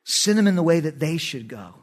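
A middle-aged pastor delivers an animated, emphatic sermon punctuated by sudden loud bursts. His voice is fairly high and his pace brisk.

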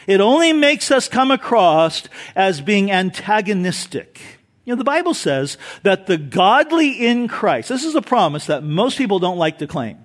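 A man preaching from the pulpit in a high, animated voice that rises and falls widely. He takes an unhurried pace and drives his points home with repeated phrases and questions to the congregation. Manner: emphatic preaching with rhetorical questions and repetition. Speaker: pastor. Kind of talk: sermon.

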